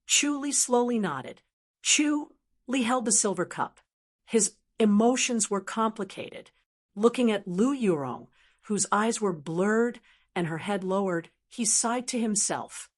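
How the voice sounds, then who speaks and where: A woman narrating an audiobook with a steady, even reading. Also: a little high, slow. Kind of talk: scripted narration.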